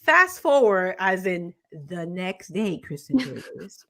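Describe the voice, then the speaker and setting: A woman's voice: on the low side, sing-song, slow, fairly bright tone. A woman co-hosting a casual morning talk show over a video call. She tells a long personal story, laughs often and acts out the other people in it. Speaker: co-host.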